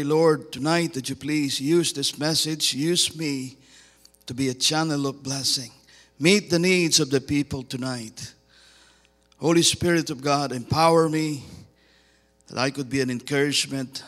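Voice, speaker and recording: Male guest preacher, deliberate sermon delivery, repeated emphatic questions, reverberant hall. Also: mid-range voice, fairly bright tone.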